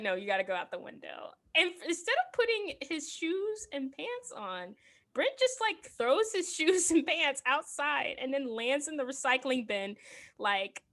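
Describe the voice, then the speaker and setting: Bright-voiced woman recapping a movie. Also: high voice. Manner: animated storytelling with voiced quotes and frequent laughter. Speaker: podcast co-host recapping a film. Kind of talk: casual chat.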